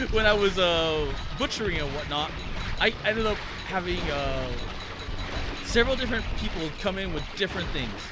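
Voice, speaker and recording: Man streamer, high voice, unhurried, rambling with fillers and laughs, game music behind. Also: lively intonation. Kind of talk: casual storytelling while gaming.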